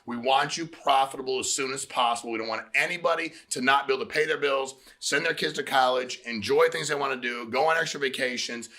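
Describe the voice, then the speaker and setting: A middle-aged man delivering a casual motivational recruiting pitch at a brisk clip. His voice is bright and forward, and he talks like he's chatting, often slipping into little stories with quoted back-and-forth. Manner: conversational, storytelling with quoted dialogue, repeats phrases. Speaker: agency head hosting a recruiting meeting.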